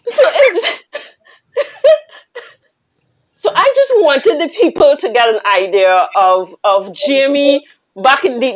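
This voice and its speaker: A Trinidadian woman guest telling a teasing, animated story with frequent laughter. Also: high voice, dull audio. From Trinidad and Tobago. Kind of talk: casual storytelling on a radio call-in.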